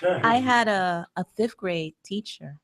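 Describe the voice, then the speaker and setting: A woman with a slightly low voice chats as a radio co-host. She recalls memories in an easy, conversational way and chimes in with agreement. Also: slow, a bit bright. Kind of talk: casual radio talk.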